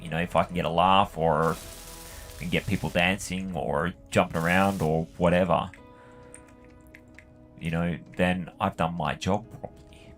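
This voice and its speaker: An Australian man telling stories in a casual, rambling, sweary way while he plays a game. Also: sits low. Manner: rambling, sweary, full of "like" and "you know". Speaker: gaming channel host.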